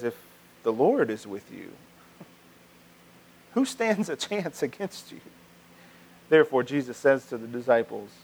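A man preaching a sermon in a conversational way, often restarting phrases and building to emphatic points. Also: on the high side. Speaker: pastor.

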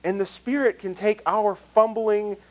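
A man's voice: sits high, fairly even intonation, a little slow, rough recording. A male pastor with a Southern US accent preaching a conversational sermon, earnest and self-deprecating.

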